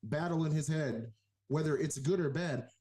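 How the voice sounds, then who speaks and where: A man's voice: fairly high pitch, moderate pace, mellow, breathy edge. A man on a casual movie review podcast, giving blunt, opinionated takes and listing examples. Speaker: podcast guest.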